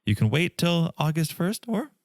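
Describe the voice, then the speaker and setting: A man co-hosting a podcast in a playful, chatty way, with a lively, swooping pitch. He laughs easily, and the close mic sounds dry. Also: moderate pace, creaky, no room sound. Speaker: podcast co-host. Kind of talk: casual chat.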